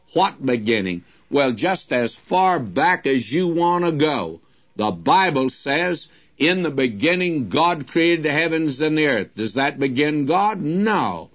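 A man teaching the Bible in a radio sermon, emphatic and speaking straight to his listeners as friends, on a dull lo-fi broadcast recording. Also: a little high.

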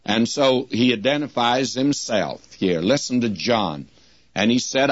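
An older man teaching a Bible passage on the radio, in a plain-spoken, deliberate way and quoting scripture in old English. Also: lowish voice, lively intonation, no room sound. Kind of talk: radio sermon. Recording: dull lo-fi radio recording.

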